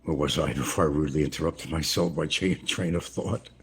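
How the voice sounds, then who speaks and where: An older American man livestreams from his home in the central Philippines, chatting casually, rambling and chuckling as he answers chat comments. He has a brisk bass voice, with slight background noise.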